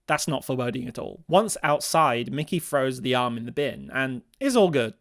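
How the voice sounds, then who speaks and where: A man hosting a scripted video essay, talking in a playful, expressive way and laughing at his own jokes. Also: medium pitch, moderate pace, dry recording, clean studio sound.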